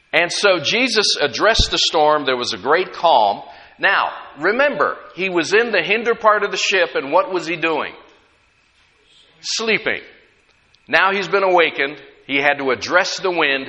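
A man's voice: fairly high pitch, bright, forceful tone, muffled recording. A man preaching a sermon, emphatic and conversational, often asking the congregation questions. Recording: long hall reverb.

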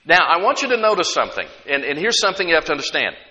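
A man's voice: a little high, big pitch swings, very fast, sharp tone. A man preaching a sermon, emphatic and conversational, often asking the congregation questions. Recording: long hall reverb.

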